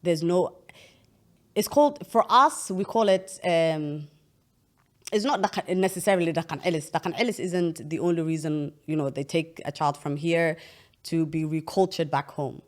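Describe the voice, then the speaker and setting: A young woman with a low-pitched voice talks through a serious subject in a casual interview. She explains at length and earnestly, often restarting her sentences as she goes. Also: moderate pace. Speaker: podcast host.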